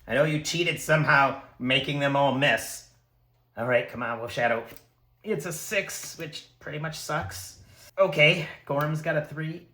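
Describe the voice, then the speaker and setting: A man narrating his own solo tabletop game, excitable and talking to the dice and characters. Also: a little high, a little slow. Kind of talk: casual solo play narration. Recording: echoey room.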